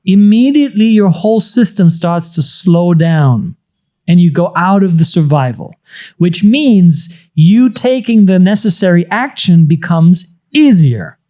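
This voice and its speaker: Animated yet a little slow, a mellow-voiced business coach in his thirties discusses ideas in conversation. Now and then he impersonates inner voices with sudden high-pitched outbursts.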